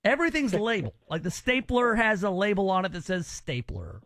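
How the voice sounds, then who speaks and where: A male radio host with a high voice, joking and teasing his callers. He rambles in loose, casual banter and keeps the show moving. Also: sing-song, fairly quick, a bit bright, no room sound.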